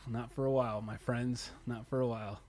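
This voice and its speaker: A man's voice: mid-range voice, flat delivery, fairly quick, darkish tone, slight background noise. A man who runs a tech channel, talking in casual podcast chat and explaining things at length with plenty of fillers. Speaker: YouTube tech channel creator.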